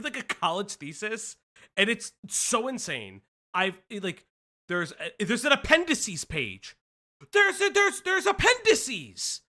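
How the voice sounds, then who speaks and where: An American man hosting a casual livestream commentary, rambling and excitable with lots of stammered restarts. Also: sits high. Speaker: streamer host.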